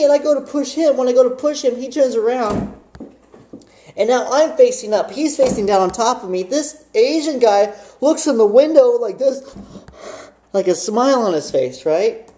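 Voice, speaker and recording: A young man telling a funny story to the camera in a casual, animated way, often laughing and acting out the people in it. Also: very high-pitched, reverberant. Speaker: vlogger.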